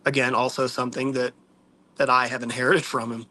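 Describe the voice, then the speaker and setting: A man speaks to his viewers in a halting, soft-spoken and earnest way. His voice sits in a middle pitch with a bright, forward edge. His telling is personal and unpolished. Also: flat delivery. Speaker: vlogger.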